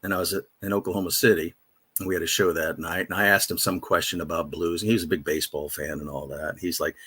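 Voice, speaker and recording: A man's voice: sits low, flat delivery, fast talker, a bit bright, slightly rough, no echo. A man, a veteran radio DJ, casually telling rambling, self-deprecating stories in a studio interview. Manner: rambling, self-deprecating anecdotes with many fillers. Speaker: radio DJ guest.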